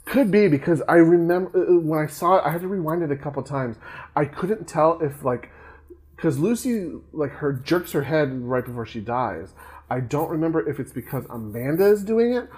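A man's voice: a little high, animated, normal speed, a little mellow, slightly rough. Chatty man rambling through a movie recap. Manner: rambling, laughs often, many fillers and restarts. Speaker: podcast co-host. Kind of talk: casual movie recap chat.

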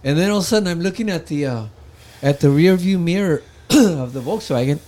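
A man's voice: a little high, lively intonation, fairly quick, mellow. A man in casual chat, telling a rambling story in a laid-back way and acting out what people said.

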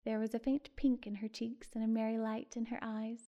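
A woman narrating a short story audiobook in a calm, measured way. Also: fairly high pitch. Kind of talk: scripted narration.

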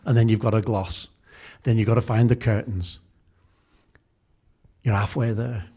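A man's voice: fairly low pitch, fairly even intonation, a little slow, warm tone, husky. A man preaching a humorous sermon, telling chatty everyday stories and acting out the scenes. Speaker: pastor.

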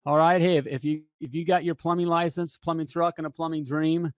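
An energetic male host talks straight to his viewers on a live show. His voice sits a little high for a man and sounds close and dry, with no room echo. He keeps it loose and chatty, checking in with the audience every few lines. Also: fairly quick. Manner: energetic and chatty, often asks "all right?". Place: home studio.

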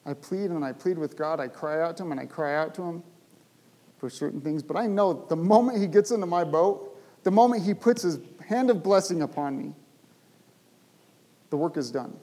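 A male pastor preaching a sermon, speaking with animated emphasis and rising to loud, emphatic bursts. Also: on the high side, a little fast, poor audio.

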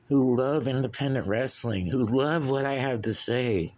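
A man's voice: mid-range voice, animated, moderate pace, darkish tone. A man hosting a podcast alone, rambling casually and bluntly with plenty of swearing while drinking beer. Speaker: podcast host.

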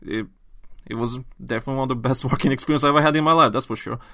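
A man chatting on a gaming podcast, recorded close and dry. He talks in animated bursts and rants, stumbling into restarts as he goes. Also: medium pitch, racing, dry recording. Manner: animated, ranting, trails off into restarts. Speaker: podcast host. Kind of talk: casual chat.

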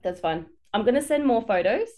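A woman's voice: fairly high pitch, expressive, brisk, a little mellow. A woman from Perth, Australia, walking co-hosts through a case in casual podcast chat, hedging and laughing easily. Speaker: podcast co-host presenting a case.

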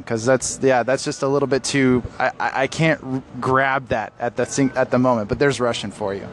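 A man's voice: mid-range voice, fairly even intonation, moderate pace, few pauses, slight background noise. A man co-hosting a casual podcast chat, self-deprecating and laughing often. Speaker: podcast co-host, narrator and horror author.

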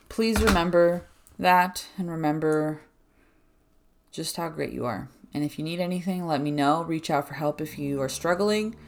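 A young woman hosting a casual solo podcast, rambling and chatty with lots of "like" fillers, a little out of breath. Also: low-pitched. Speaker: podcast host.

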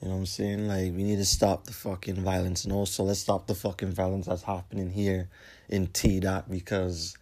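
A man's voice: deep voice, monotone, moderate pace, dark tone. A young man hosting his own show in a casual monologue, talking bluntly with lots of swearing and street slang and rambling from one point to the next. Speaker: host.

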